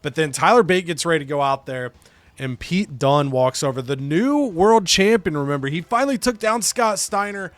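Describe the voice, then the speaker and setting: A male let's play host recaps a wrestling management game in a loose, chatty way. He is animated and profane, with a slightly higher voice than most men. His mic sound is close and dry. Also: normal speed, no echo. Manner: animated and profane, acting out characters' quotes. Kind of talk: casual game recap commentary.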